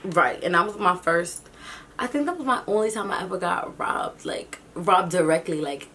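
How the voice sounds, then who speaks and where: A young woman telling a storytime vlog, acting out the people she quotes in an animated way. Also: moderate pace, a little hiss or hum. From New York City. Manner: animated, acts out quotes with big pitch jumps. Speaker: YouTube vlogger.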